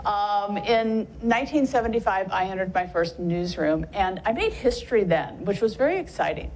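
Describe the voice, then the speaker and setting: A woman's voice: medium pitch, lively intonation, moderate pace, darkish tone, a little hiss or hum, low-quality recording. A woman in her sixties giving a casual, rambling lecture talk, chatty and full of fillers. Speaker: guest speaker.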